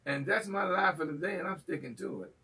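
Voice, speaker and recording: A male host of a live call-in class with a folksy, teasing, animated manner. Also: sits high, fast, husky, far from the mic.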